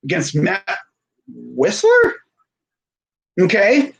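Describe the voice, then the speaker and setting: A man's voice: sits high, wildly swooping pitch, extremely slow, gravelly, slightly rough, lo-fi sound. A man in his twenties chatting casually about sports on a stream, rambling with lots of fillers and self-corrections while reading live comments. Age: 20s.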